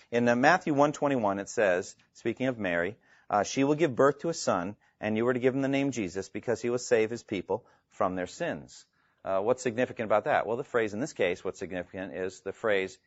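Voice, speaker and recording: A man's voice: medium pitch, no room sound. A man giving a classroom theology lecture in an earnest, emphatic way, often asking his listeners rhetorical questions. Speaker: theology teacher. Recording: dull lo-fi, dry sound.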